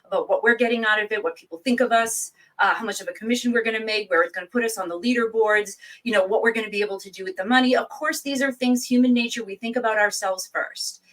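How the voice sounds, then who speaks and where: A woman author, a guest from New England, telling stories in a lively, chatty way. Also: fairly high pitch, recorded from a distance, poor audio. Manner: lively storyteller, quick asides. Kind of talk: casual interview chat.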